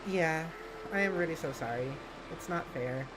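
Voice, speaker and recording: A woman's voice: sits low, normal speed, noisy background. A woman co-hosting a game stream, chatting playfully with her partner and reading out comments from chat. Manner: playful, giggly, reads chat aloud. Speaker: streamer co-host.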